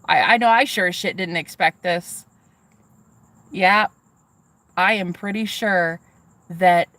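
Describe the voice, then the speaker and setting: A woman telling a story to her viewers in a casual vlog, excitable and swearing freely as she talks straight to them. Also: on the low side, takes it slowly, long pauses. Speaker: vlogger.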